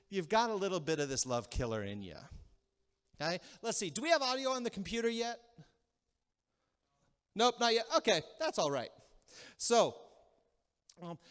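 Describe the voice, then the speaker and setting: A man delivering a sermon in a church sanctuary, his voice pitched high and swinging widely as he acts out small quarrels. He keeps checking in with the congregation as he goes. A long reverb from the hall trails behind him. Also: smooth. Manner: animated, acts out quick mock quarrels, asks the crowd "okay?". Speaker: pastor.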